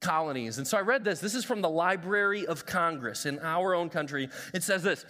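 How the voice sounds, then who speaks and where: A man in his thirties, a pastor giving a live sermon in a church with energetic, humorous storytelling. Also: a little high, a little fast, hardly any pauses. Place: church sanctuary. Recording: reverberant church hall.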